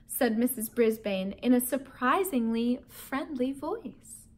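Woman teacher reading a kids' book aloud, high lively voice, slow and expressive. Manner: expressive, storytelling. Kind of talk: children's book read-aloud.

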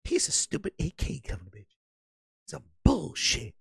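A man doing a comic impression of a famous console architect: a low, muttering voice, indignant and swearing. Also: huge pitch swings, unhurried, gravelly, fairly bright tone, breathy edge, no echo, clean studio sound, heavily acted. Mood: grumbling. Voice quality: low, muttering, mumbled under the breath.

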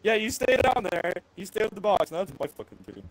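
A man's voice: sits high, lively intonation, brisk, no room sound, rough recording. A young man bossing a friend around while they play a game together, swearing and exasperated. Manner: profane, bossy and exasperated. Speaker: gamer. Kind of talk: casual co-op gaming chat.

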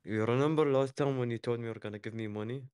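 A man's voice: mid-range voice, fast, darkish tone, clear, resonant tone. A male caller on a live stream debate, giving terse, short answers.

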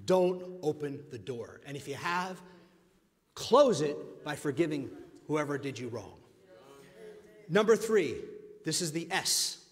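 A man pastor preaching a sermon, emphatic and calling the congregation his friends, swinging between loud stretches and hushed ones. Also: on the high side, lively intonation, takes it slowly, pauses often, long reverb tail. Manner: addresses the congregation directly as friends. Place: church sanctuary.

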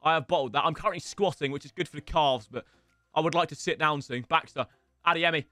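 A young man commentating casually over a football video game, excitable and swearing, with sudden shouts and mutters. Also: on the high side, fast. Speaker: gaming streamer.

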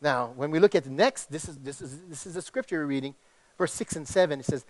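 A middle-aged male pastor from Hawaii with a slight tinge, preaching in an animated, conversational way with many restarts. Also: a little high, quick pace. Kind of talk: sermon.

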